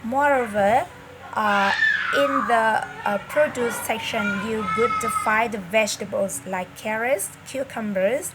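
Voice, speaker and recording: A woman, a native Vietnamese speaker, giving a slow, careful English lesson inside a supermarket, often pausing and repeating herself. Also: on the high side. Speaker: English teacher. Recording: audible store background noise.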